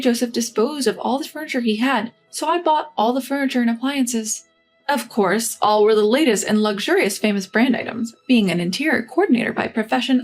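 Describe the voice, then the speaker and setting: A woman narrating a scripted first-person story in an even, composed way. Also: a little high.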